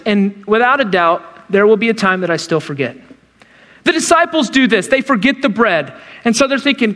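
A middle-aged man preaching a sermon as a pastor, telling the story in an animated way and acting out the quotes in character voices. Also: very high-pitched, brisk. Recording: long hall reverb.

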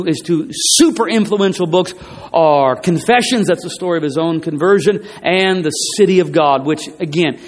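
A man preaching a sermon in an emphatic way, repeating his phrases for stress, in a church. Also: on the high side. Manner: emphatic, repeats phrases, rising and falling delivery. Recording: long hall reverb.

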